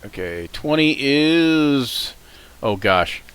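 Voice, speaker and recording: A man's voice: medium pitch, expressive, extremely slow, a bit bright, clear, resonant tone. A man running a tabletop game as game master, explaining rules in a rambling way and correcting himself often.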